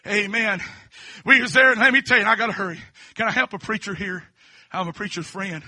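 A high, sharply bright male voice, telling his testimony from the pulpit. He spins a folksy story, drops amens throughout, and flips between hushed asides and full shouting. The sound is close and dry. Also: fairly even intonation, fairly quick, no room sound. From Kentucky. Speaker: preacher. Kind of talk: sermon testimony.

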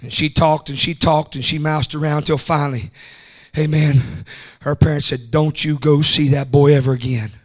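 A man preaching a revival sermon, shouting his lines and punctuating them with "huh?" and "amen". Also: a little high, fairly even intonation, moderate pace. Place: church service.

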